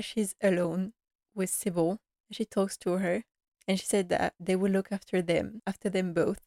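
A woman's voice: medium pitch, a little mellow, dry recording, studio quality. A woman giving a casual episode recap in an earnest, emotional way, often saying "like" as she goes. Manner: earnest, emotional, many filler likes. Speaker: TV series recap vlogger.

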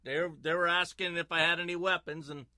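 A man's voice: fairly high pitch, fairly even intonation, fast talker, bright, forceful tone. A man co-hosting a casual radio show, jokey and upbeat. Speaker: co-host.

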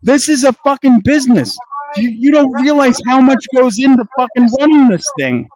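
In a heated on-air argument, a man who runs a podcast network lectures a caller with nonstop profanity. His very high-pitched voice is expressive and a little mellow at a moderate pace, captured in a dry, low-quality recording.

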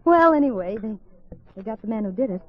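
An actress playing a young woman who is secretly investigating a suspected murderer, speaking in a breathy, hesitant, stammering way, in 1940s radio drama style. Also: a little high, expressive, a little fast. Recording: tinny 1940s radio broadcast with music.

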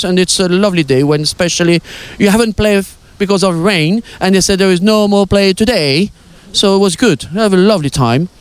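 A man's voice: high-pitched, clear, resonant tone. Older French-accented man, outdoors. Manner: hesitant, many fillers, playful. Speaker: former tennis pro interviewee. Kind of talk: casual interview.

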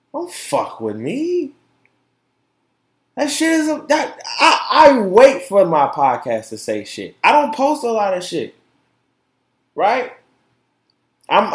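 A man hosting his own podcast, talking in an impassioned, profane way, repeating words and swinging from loud outbursts to quiet asides. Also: very high-pitched, roomy sound. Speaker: podcast host. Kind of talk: casual opinion podcast monologue.

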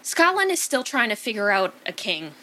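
Woman podcast co-host, bright and sharp, loose profane storytelling, faint hiss behind. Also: medium pitch, sing-song, moderate pace. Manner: profane, laughs a lot, rambling. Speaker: podcast co-host retelling a film. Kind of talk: casual comedic chat.

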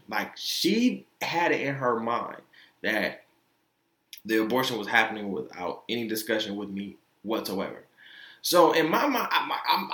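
A man's voice: fairly low pitch, fairly bright tone. A young man telling a personal story in a loose, candid, profane way, acting out the quoted lines. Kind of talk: casual storytelling. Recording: echoey room.

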